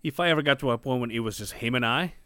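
A man in his forties co-hosts a casual podcast chat, talking very fast in a mid-range voice. He's an animated storyteller who swears freely and acts out the people in his stories. The sound is clean studio audio with no room sound.

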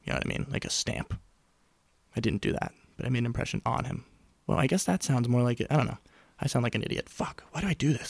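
This young solo podcaster has a medium-pitched, creaky, slightly rough voice, recorded dry on a close studio mic. He moves at a quick pace, rambling casually, poking fun at himself, and throwing in abrupt whispers and character voices.

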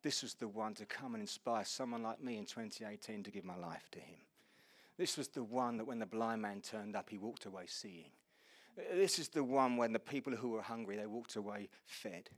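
Impassioned male preacher. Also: on the low side. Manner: impassioned preaching that swings from loud exclamations to hushed, slow passages; earnest and personal, speaking directly to the congregation. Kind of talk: sermon.

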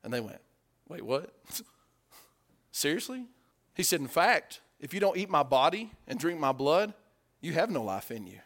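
A man preaching a conversational sermon, asking his listeners questions and acting out quotes, dropping to hushed asides and rising to loud, emphatic peaks. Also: fairly high pitch, very animated, brisk.

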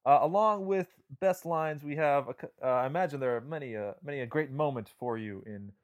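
A man of middle pitch hosts a relaxed film podcast. He stumbles through fillers and restarts, laughing as he retells his favourite lines. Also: lo-fi sound. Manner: halting, many fillers and restarts, laughs while telling jokes. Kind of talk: casual film chat.

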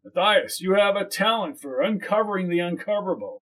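Commanding wealthy older man, voiced by a male narrator; barks orders, pitched up. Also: expressive, brisk, a bit bright.

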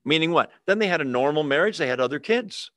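Animated male preacher, dry sound. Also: on the high side, fast, no echo. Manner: animated, mocking quotes, rhetorical questions. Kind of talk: sermon.

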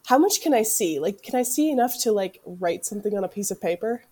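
Woman, player, dark mellow tone, casual, matter-of-fact. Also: medium pitch, animated, quick pace, slightly rough. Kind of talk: casual tabletop play.

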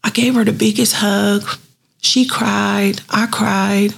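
A woman's voice: medium pitch, slow pace, gravelly, husky. A woman in her fifties, a street cleaning supervisor, telling earnest, heartfelt stories from her work in an interview. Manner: earnest and heartfelt, with lively retold dialogue. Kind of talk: storytelling in a personal profile interview.

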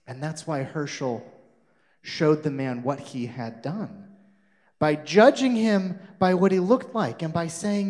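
A man telling a children's sermon story, animated, putting questions to his young listeners. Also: a little high, measured pace. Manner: animated, asks the audience questions.

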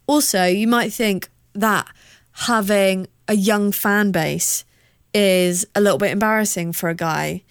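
A woman's voice: mid-range voice, steady tone, a little slow, clear, resonant tone, no echo, clean studio sound. A young woman from southern England with a slightly posh southern accent, chatting candidly and swearing freely on her solo podcast. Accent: southern English, slightly posh. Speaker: podcast host. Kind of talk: casual solo podcast chat.

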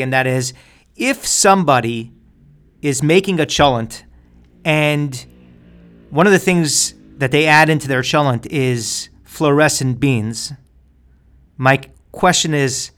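A man talks straight into his podcast, spinning wry everyday gripes into jokes. His delivery is deadpan, with a middle-pitched voice and a casual, rambling monologue rhythm. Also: smooth. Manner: deadpan joking, wry asides. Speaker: podcast host.

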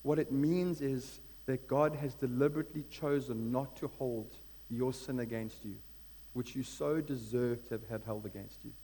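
A man's voice: medium pitch, steady tone, normal speed, dark tone. Earnest male pastor in a reverberant hall. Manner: earnest, rising to emphatic peaks. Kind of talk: sermon. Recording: long hall reverb with mains hum.

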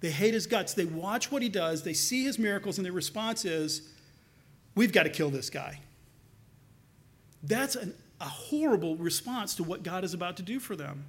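A male pastor preaching a sermon, retelling a parable in an animated, colloquial way and often repeating words as he restarts. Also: high-pitched, a little fast. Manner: animated storytelling, colloquial asides.

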